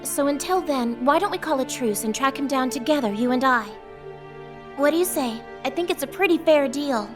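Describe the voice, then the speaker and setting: A woman voicing a proud teenage girl mage in an anime dub, lecturing and quick to flare up. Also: sits high, natural voice. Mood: scheming. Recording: studio dub with music behind.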